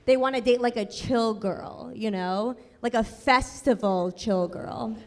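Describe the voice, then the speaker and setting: A woman's voice: on the high side, a little slow. A woman from New York doing a sarcastic, self-deprecating stand-up set on a club stage. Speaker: stand-up comedian. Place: comedy club stage, audience laughing. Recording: live club recording, long reverb, audible noise.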